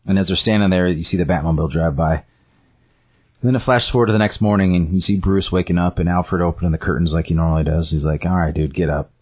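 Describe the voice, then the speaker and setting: A man's voice: low-pitched, fast talker, darkish tone, breathy edge. A man casually retelling a story scene by scene, rambling with fillers and self-corrections.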